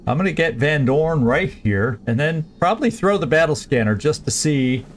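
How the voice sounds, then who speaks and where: A man streaming a strategy game, planning his moves aloud in a halting, casual way with frequent restarts. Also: fairly high pitch, expressive, a little hiss or hum. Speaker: gameplay streamer. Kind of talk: casual let's-play commentary.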